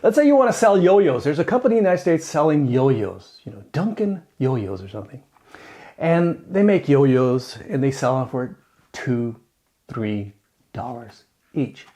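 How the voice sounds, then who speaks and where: Speaking at a measured pace in a medium-pitched voice, a man on his own channel offers casual opinions. The talk is animated and rambling, full of jokes and side comments.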